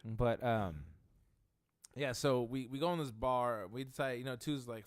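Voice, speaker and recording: A man's voice: medium pitch, measured pace, no room sound, clean studio sound. A young man co-hosting a podcast, telling a profane, laid-back story in casual chat. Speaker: podcast co-host.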